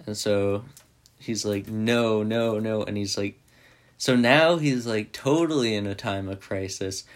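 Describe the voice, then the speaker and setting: Man, lowish voice, slow unhurried delivery, loose rambling recap with swearing. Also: lively intonation. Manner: rambling, heavy with "like" fillers, swears freely. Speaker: movie reviewer. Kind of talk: casual spoken movie recap.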